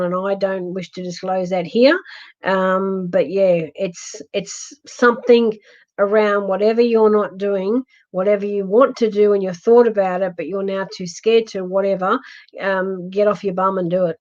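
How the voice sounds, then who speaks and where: A woman's voice: mid-range voice, darkish tone. A middle-aged woman from Australia hosting a live psychic reading stream, chatty and giggly, full of ums and restarts. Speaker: psychic medium host. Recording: dull lo-fi live stream audio.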